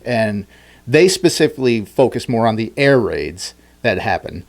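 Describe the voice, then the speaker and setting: Male podcast host, casual chat, rambling and lively, middle pitch. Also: normal speed, gravelly. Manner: rambling, animated storytelling with frequent restarts.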